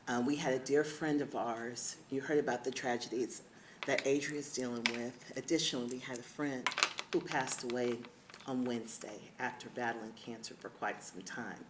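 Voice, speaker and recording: A middle-aged woman giving a heartfelt acceptance speech at a podium, emotional and warm with laughing asides. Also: very deep voice, noisy background. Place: large event hall. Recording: echoey hall with faint ambience.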